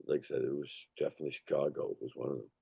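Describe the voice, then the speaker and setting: A man's voice: rumbling low, steady tone, racing, vocal fry, dark tone, husky, no echo. A man born in Ireland and raised in Canada, talking casually as an interview guest, rambling and profane with many restarts. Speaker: musician guest.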